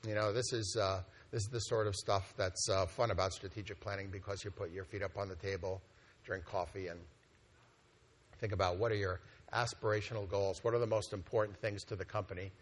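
A man's voice: fairly low pitch, fairly even intonation, fairly quick. A man presenting a plan to a meeting, conversational and loose, with frequent fillers and restarts. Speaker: organization executive presenting a plan. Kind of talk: conference presentation. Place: meeting hall at a conference.

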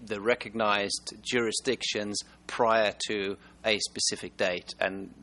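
A man fields questions after his conference presentation. His low voice has a rough, gravelly texture and a bright, forward edge. He answers haltingly, restarting and repeating words as he goes. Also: steady tone.

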